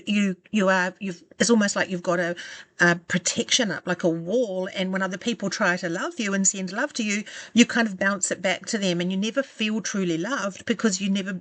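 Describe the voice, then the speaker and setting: A woman coaching self-love, giving calm, gentle and encouraging step-by-step guidance that slows down for the exercises. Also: mid-range voice, no echo. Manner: calm, gentle and encouraging, slowing down for guided steps. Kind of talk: guided self-help instruction.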